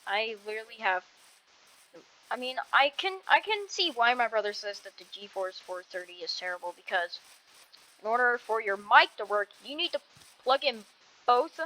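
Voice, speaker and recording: A woman's voice: a little high, lively intonation, normal speed, bright, forceful tone, rough recording. A woman chatting casually to herself while playing a game at her computer, rambling and breaking off mid-sentence, speaking into a cheap headset mic held away from her mouth. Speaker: gaming streamer. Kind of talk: casual gameplay commentary. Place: at a computer desk at home.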